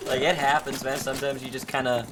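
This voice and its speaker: A man's voice: medium pitch, level tone, fast talker, noisy background. Talkative guy co-casting a match, lots of uhs, plays out little bits of dialogue. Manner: chatty, many uh fillers, acts out players' lines. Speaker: esports co-caster. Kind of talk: casual color commentary.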